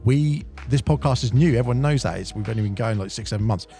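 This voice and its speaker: A man's voice: medium pitch, fast talker, mellow, soft background music. A man co-hosting a casual podcast, chatty and explaining things at length with restarts. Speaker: podcast co-host. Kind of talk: casual chat.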